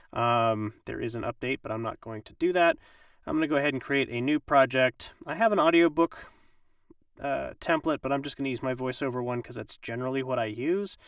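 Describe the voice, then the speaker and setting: Male voice actor, slightly under the weather, casual tutorial, mid pitch, dry room. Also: fairly bright tone, clean tone, dry recording, far from the mic. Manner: rambling, with many ums and restarts. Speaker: voice actor and audiobook narrator. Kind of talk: casual live-stream tutorial.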